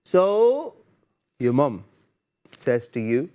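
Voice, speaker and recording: A man's voice: medium pitch, animated, normal speed, darkish tone. A man hosting a live TV Quran lesson for children, playful and teasing, quizzing the viewers and mixing Arabic phrases into his English. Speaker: TV Quran teacher and host. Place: TV studio.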